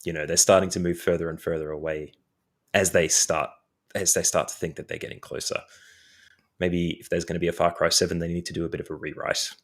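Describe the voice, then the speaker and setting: Male co-host, very low voice, reflective, talks in long stretches. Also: little pitch movement, fast. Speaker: podcast co-host. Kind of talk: casual gaming podcast chat.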